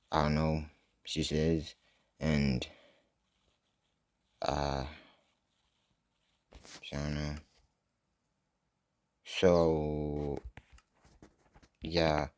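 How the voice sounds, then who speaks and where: A young man with a very low voice talks casually about a cartoon episode he just watched. He rambles, trips over his words and leans on fillers as he gets emotional. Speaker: host.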